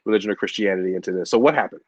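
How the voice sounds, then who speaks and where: A man's voice: sits low, very fast, no echo, lo-fi sound. A man in casual conversation, playful and teasing as he asks questions. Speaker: guest interviewer.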